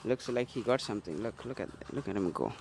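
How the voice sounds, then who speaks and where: A young man vlogging casually to his viewers while coaxing his pet cat, often calling out loudly. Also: fairly low pitch, animated, fast, heavy background noise. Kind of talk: casual vlog talk to camera.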